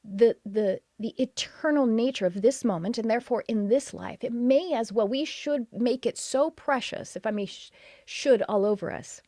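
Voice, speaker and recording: A woman's voice: on the high side, normal speed, warm tone, dry recording, studio quality. A woman from Texas with a Texas accent, hosting a live-streamed podcast, greeting viewers and talking about her courses with enthusiasm. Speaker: podcast host.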